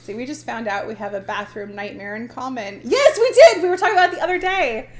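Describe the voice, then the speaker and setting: A woman's voice: fairly high pitch, fast talker. A woman in her thirties co-hosting a podcast, talking casually and animatedly with frequent laughter. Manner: animated, laughing, self-described passive aggressive. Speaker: podcast co-host. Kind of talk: casual chat.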